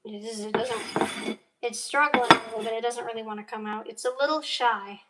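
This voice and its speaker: High-voiced woman rambling casually. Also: moderate pace, a bit bright, roomy sound, recorded from a distance. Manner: rambling, talks to herself while cooking and eating; swears casually. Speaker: streamer. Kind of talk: casual livestream chat.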